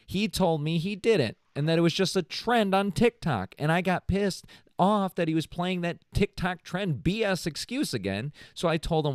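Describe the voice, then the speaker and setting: A man's voice: a little high, expressive, normal speed, clean tone, dry recording, clean studio sound. A man co-hosting a comedy podcast, chatting casually and reading a post aloud, joking and laughing often. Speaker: podcast co-host.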